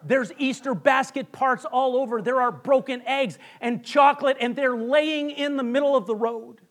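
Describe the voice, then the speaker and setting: A man preaching a sermon, telling a long joke story with dramatic pauses that drop to a hush. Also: extremely high pitch. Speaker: pastor.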